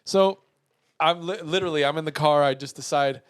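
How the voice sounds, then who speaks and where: Animated, profane man telling a story. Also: a little high, a little fast, clear, resonant tone, dry recording, studio quality. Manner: profane, animated, swings between loud outbursts and muttering. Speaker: podcast co-host. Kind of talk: casual storytelling.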